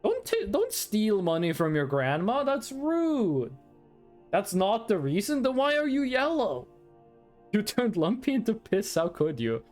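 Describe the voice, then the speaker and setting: A man's voice: high voice, wildly swooping pitch, unhurried, a little mellow, soft background music. A man from Norway, chatting casually with his stream chat in a playful, rambling, teasing way.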